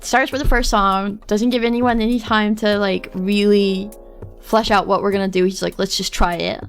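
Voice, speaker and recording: A woman's voice: medium pitch, little pitch movement, moderate pace, soft background music. A woman streamer telling a long personal story in casual chat, chatty, quoting others and laughing often. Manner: chatty, tells stories with quoted asides, laughs often.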